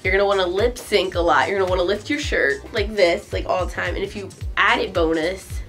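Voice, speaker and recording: A woman's voice: lowish voice, fairly quick, fairly bright tone, faint music behind. Chatty young woman vlogger. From United States. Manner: chatty, giggly, full of "like" and "um". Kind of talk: casual vlog chat.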